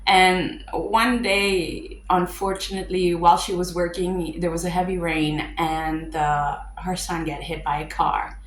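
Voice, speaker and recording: A woman's voice: fairly low pitch, steady tone, measured pace, few pauses, slight background noise. Chatty woman reviewing a movie, roomy echo. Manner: chatty, with fillers and wry asides. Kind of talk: casual movie breakdown.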